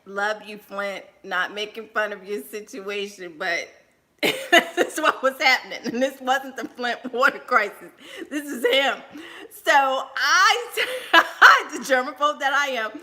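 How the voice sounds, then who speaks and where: A woman tells a personal story on a casual livestream. Her voice sits high and bright, and she takes her time. She laughs often and speaks straight to her viewers.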